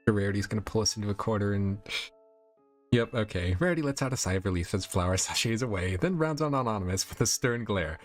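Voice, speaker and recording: A man's voice: on the low side, expressive, fast talker. A man reading a text adventure aloud, slipping into chuckling offhand asides. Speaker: storyteller running a text adventure. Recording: faint background music.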